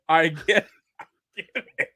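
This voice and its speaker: A man's voice: fairly high pitch, slow pace, sharp tone, husky, dry recording. A man co-hosting a casual sports podcast, laughing and teasing as he talks. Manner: laughs often, teasing, swears. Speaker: podcast co-host. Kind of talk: casual chat.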